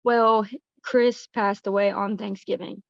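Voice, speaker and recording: Gravelly woman answering briefly. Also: mid-range voice, little pitch movement, a little slow, no room sound, lo-fi sound. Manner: quiet, brief, matter-of-fact answers. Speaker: client. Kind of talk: casual conversation.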